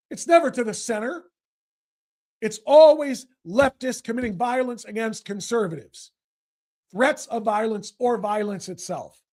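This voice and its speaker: A male talk show host in full rant, firing off angry political commentary. He mocks and sneers, and often lifts into a shout. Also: high voice. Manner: ranting, angry, bursts into shouting; sarcastic, mocking.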